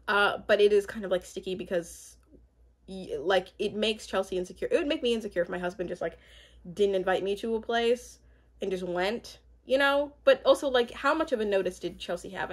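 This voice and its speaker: A woman's voice: a little high, a bit bright. A young woman in casual chat, rambling with many fillers and asides as she recaps a reality show.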